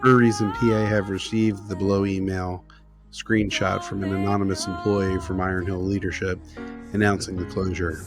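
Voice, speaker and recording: A man's voice: sits low, little pitch movement, moderate pace, over music. A man reading beer news on a podcast in a mock-solemn manner. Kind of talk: casual chat, reading news.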